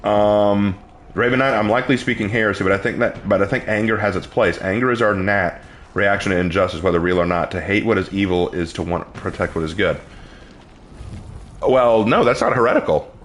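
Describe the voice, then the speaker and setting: Emphatic man preaching on a stream. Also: fairly bright tone. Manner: earnest, emphatic, pitch swings when preaching. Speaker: streamer answering chat questions on faith. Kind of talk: casual live-stream chat, preaching.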